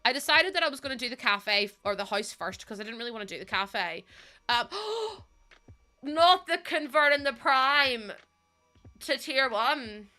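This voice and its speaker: A woman's voice: high-pitched, lively intonation, a little slow, bright, forceful tone, soft background music. Giggly Northern Irish woman streamer. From Northern Ireland. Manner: giggly, gushing, close to tears with gratitude. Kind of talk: live-stream chat with viewers while playing.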